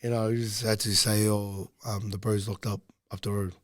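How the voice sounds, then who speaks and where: Low, dry-voiced man telling a story. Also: level tone, normal speed, no echo. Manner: low-key, loose, rambling with frequent ums. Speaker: podcast guest. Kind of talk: casual storytelling.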